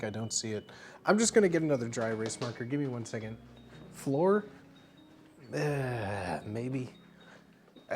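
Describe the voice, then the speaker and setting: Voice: mid-range voice, a little mellow, a little hiss or hum. A streamer acting as a bartender in a comedic livestream, rambling playfully and stumbling over fillers. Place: home streaming setup.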